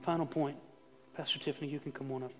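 High-voiced preacher in a reverberant hall. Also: male voice, fairly even intonation, fast, music in the background. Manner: swings from hushed to shouted emphasis. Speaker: pastor. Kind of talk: sermon. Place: church sanctuary.

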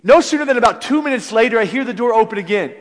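High-voiced male pastor in a reverberant hall. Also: rapid-fire. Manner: animated storytelling with frequent restarts. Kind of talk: sermon. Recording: long reverb of a large hall.

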